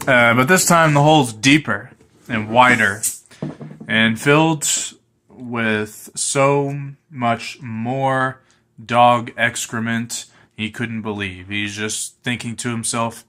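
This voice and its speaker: Slow, deadpan man telling a story. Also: medium pitch. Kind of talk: improvised comic storytelling.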